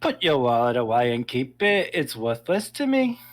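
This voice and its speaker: A man's voice: mid-range voice, big pitch swings, normal speed, soft background music, close to an everyday voice. A man voicing a bitter woman shopkeeper in a game, with a put-on French accent and a wry storytelling manner. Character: woman antiques shopkeeper, bitter, fallen on hard times. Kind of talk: voicing a video game character on a stream.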